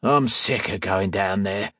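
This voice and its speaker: A man voicing a grumbling, rough hired thug in an audiobook. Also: low voice, measured pace, sharp tone, no echo, clean studio sound, full character voice.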